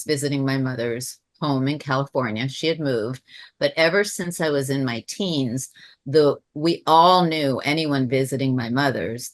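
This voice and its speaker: A woman telling a personal spiritual story on a webinar, in a reflective, rambling way, often restarting her sentences. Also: extremely low pitch. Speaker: webinar speaker. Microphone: video call.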